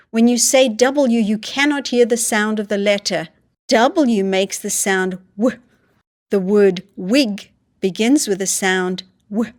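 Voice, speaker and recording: Very slow, deliberate woman teaching phonics. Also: mid-range voice. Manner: slow, deliberate, sounding out words with repetition. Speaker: reading teacher. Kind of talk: phonics lesson for English learners.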